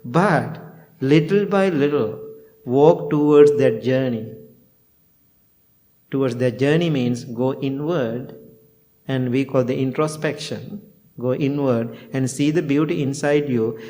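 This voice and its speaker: Chuckling monk giving a homely talk. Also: male voice, mid-range voice, takes it slowly, mellow. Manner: plain simple phrasing with chuckles, acts out both sides of conversations. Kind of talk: informal dharma talk to a temple group.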